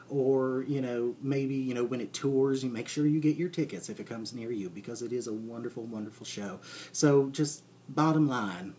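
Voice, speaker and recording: Rambling deadpan man, low voice. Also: a little hiss or hum. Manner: rambling, halting, full of fillers and restarts. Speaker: comedic character monologue. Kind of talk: deadpan comic monologue.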